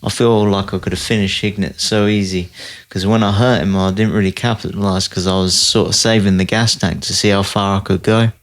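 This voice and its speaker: A man's voice: lowish voice, fairly even intonation, fairly quick, hardly any pauses. A young man, a mixed martial arts fighter, chatting casually as a podcast guest, laid-back and laughing easily.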